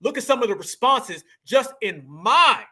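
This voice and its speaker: A man's voice: very high voice, sing-song, unhurried, pushed and bright. A man, hosting an online show and delivering an impassioned commentary monologue, emphatic and repetitive, swearing freely and calling his listeners family. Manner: preachy and emphatic, repeats lines, swears, calls listeners family.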